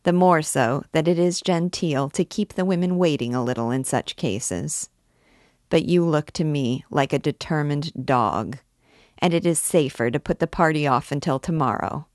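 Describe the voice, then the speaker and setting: A woman's voice: deep voice, no echo, studio quality, close to an everyday voice. A woman reading as a brash young captain. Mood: glib. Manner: swaggering and quick to anger. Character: brash young male army captain, hot-tempered.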